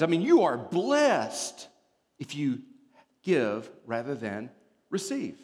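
A man preaching a sermon in a church, telling stories with humor and explaining scripture in an animated way. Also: fairly high pitch, takes it slowly, in a large hall.

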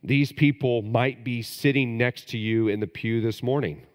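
A man preaching a sermon as pastor, animated and rising to emphatic bursts. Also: mid-range voice, moderate pace. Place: church sanctuary. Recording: long hall reverb.

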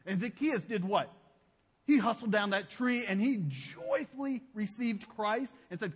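A man preaching a sermon as pastor. He speaks emphatically and drops to a hushed low voice on key phrases. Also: sing-song, a little slow, husky, in a large hall. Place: church sanctuary.

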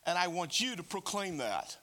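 Lively male preacher with a bright, forceful voice, animated sermon with joking asides. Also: sits high, normal speed.

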